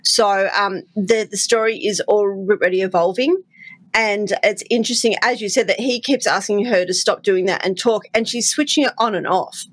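A woman's voice: medium pitch, moderate pace, no room sound. A woman co-hosting a podcast, explaining her analysis in a thoughtful, chatty way. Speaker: podcast co-host. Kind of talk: casual analytical chat.

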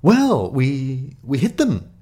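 A man's voice: medium pitch, wildly swooping pitch, slow pace, dark tone. A man voicing a cheerful, breezy male agency manager who eagerly agrees with everything. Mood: chirpy. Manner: chirpy, eager, keeps agreeing.

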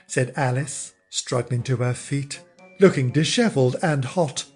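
Slow, measured male narrator. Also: medium pitch, faint music behind. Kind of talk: scripted comic narration.

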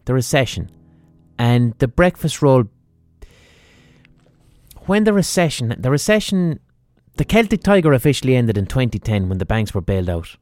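A man's voice: medium pitch, sing-song, moderate pace, pauses often, darkish tone, no room sound, studio quality, soft background music. An Irish man hosting a podcast, giving a mock-serious comic rant full of swearing. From Ireland. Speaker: podcast host.

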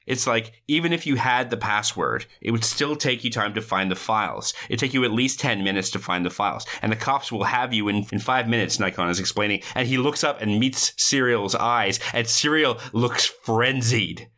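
A man chatting on a podcast, retelling movie scenes in an animated way. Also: medium pitch, moderate pace, few pauses. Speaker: podcast co-host. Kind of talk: casual movie recap chat.

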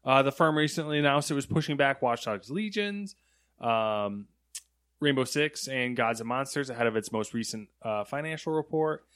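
A young man co-hosts a casual gaming news podcast in an easygoing, laid-back way. His voice sits at a middle pitch, recorded dry and close. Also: expressive, normal speed, fairly bright tone, smooth, dry recording. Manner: laid-back, plays along with jokes. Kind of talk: casual chat.

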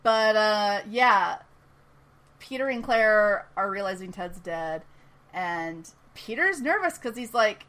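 A woman's voice: mid-range voice, expressive, slow, sharp tone. A woman co-hosting a podcast, chattily recapping a TV episode with lots of fillers and laughs. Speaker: podcast co-host.

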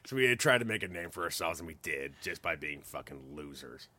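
A man chatting casually on a podcast, telling a story with animated delivery, swearing freely and laughing as he goes. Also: a bass voice, fairly quick, dry recording.

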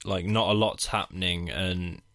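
A man's voice: deep voice, fairly even intonation, a little slow, fairly bright tone. A man, co-hosting a film podcast in casual chat, swearing freely and restarting his sentences. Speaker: podcast co-host.

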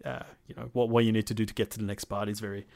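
A young man chatting casually about a video game, relaxed and swearing freely, with plenty of ums. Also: lowish voice, rapid-fire, vocal fry, dry recording, clean studio sound. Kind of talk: casual gaming chat.

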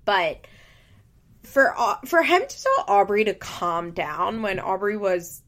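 A woman's voice: medium pitch, very animated, takes it slowly, a bit bright. Chatty opinionated woman recapping TV. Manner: chatty, opinionated, frequent "like" fillers. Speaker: podcast host recapping reality TV. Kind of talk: casual commentary.

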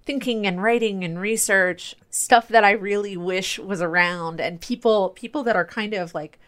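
A woman's voice: medium pitch, normal speed, a bit bright. A young adult woman co-hosting a podcast, explaining things in an enthusiastic, nerdy, rambling way. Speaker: podcast co-host. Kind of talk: casual podcast chat.

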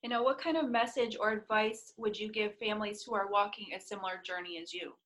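Measured woman interviewer. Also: mid-range voice, steady tone, a bit bright. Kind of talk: interview questions.

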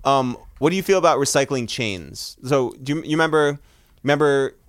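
A man's voice: mid-range voice, fairly quick, no echo, clean studio sound. A young adult man hosting a casual chat, telling a story animatedly and quoting what others said. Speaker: podcast host.

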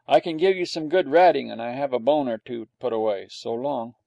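A man's voice: mid-range voice, brisk, creaky, warm tone, no echo, muffled recording, close to an everyday voice. A man voicing a streetwise male terrier dog with a brash, chummy manner in a storybook reading. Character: young male boy-doted terrier, streetwise and blunt.

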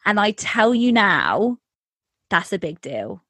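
A woman's voice: mid-range voice, big pitch swings, slow pace, bright, forceful tone, breathy edge, no echo. A woman in casual chat telling a workplace story, with lots of fillers and acted-out quotes. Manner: chatty, many fillers, acts out quotes.

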